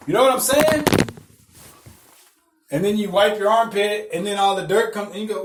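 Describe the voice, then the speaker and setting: A man's voice: sits high, animated, moderate pace, long pauses, background noise. A man hosting a podcast, rambling through casual stories, swearing freely and laughing at himself. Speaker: podcast host. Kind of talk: casual storytelling monologue.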